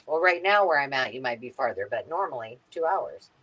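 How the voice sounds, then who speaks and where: A woman's voice: very deep voice, brisk, rough recording. A woman hosting a live craft sale stream, chatting casually with viewers. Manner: animated, talks to viewers with fillers. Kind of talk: casual chat.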